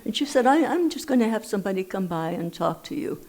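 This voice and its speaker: A woman's voice: medium pitch, expressive, fast, darkish tone. An older woman from Los Angeles telling her recovery story at a meeting, with dry humor. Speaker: AA speaker. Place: meeting hall.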